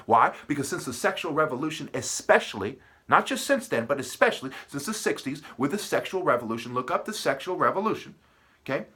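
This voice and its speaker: Man, husky middle-pitched voice, ranting solo vlog, heated and profane, circles back on his points and riffs on wordplay. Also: expressive, brisk, pushed and bright. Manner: profane, heated, repeats himself, plays on word sounds. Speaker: vlogger. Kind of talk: ranting monologue. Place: at a desk.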